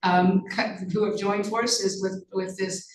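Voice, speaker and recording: Slow, darkish, and fairly flat in pitch, the medium voice comes from a Canadian author and journalist guesting in a conversational interview. Earnest and intense, she keeps breaking off and restarting with many fillers, and her voice echoes in the room, slightly distant from the microphone.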